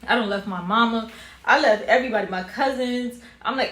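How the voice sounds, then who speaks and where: A young woman telling a personal story in a casual vlog, animated, with casual slang. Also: fairly high pitch, fairly quick. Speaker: vlogger. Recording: roomy echo with faint ambient noise.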